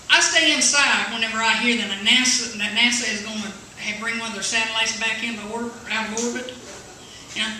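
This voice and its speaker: A woman from West Virginia with an Appalachian accent, doing stand-up at an open mic in a coffee house, halting and nervous with many fillers. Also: on the high side, pushed and bright, distant mic, a little hiss or hum. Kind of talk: stand-up comedy. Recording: echoey room, taped from afar.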